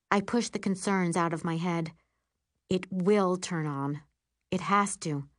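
A woman narrating a first-person children's story in an expressive, animated way. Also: lowish voice, measured pace, dry recording, studio quality. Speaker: audiobook narrator.

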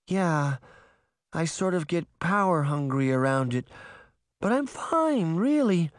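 A man's voice: a little high, expressive, slow, no echo, clean studio sound, voice pushed up. A man voicing a stubborn young girl who brushes off everyone's worry. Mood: insisting.

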